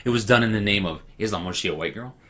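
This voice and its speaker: A man's voice: fairly low pitch, quick pace, fairly bright tone. A man co-hosting a podcast in casual chat, blunt, sarcastic and outspoken with his opinions. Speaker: podcast co-host.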